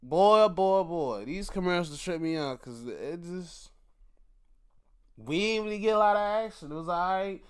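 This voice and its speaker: A man reviewing wrestling shows in casual commentary, excitable and profane, often putting on mock outrage. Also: sits high, moderate pace, clear, resonant tone.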